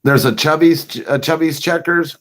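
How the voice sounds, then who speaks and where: A man's voice: on the high side, normal speed. Profane man telling a story. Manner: profane, laughing, animated retelling. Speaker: vlogger. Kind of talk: casual storytelling.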